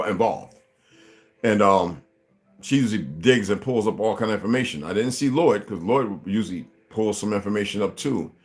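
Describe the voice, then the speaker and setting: A man hosting a livestream, talking casually to his viewers in a rambling, preachy and profane way. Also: fairly low pitch. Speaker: livestream host.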